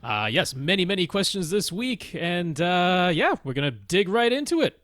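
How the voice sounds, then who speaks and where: Easygoing animated podcast co-host man. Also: sits high, moderate pace, no echo. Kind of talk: casual podcast chat.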